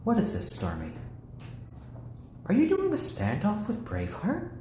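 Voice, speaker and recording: A man hosting a casual home live stream, gently cooing to his pet chickens and chatting with viewers. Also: high voice, wildly swooping pitch, unhurried, roomy sound, slight background noise. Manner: chatty, answers viewers' comments.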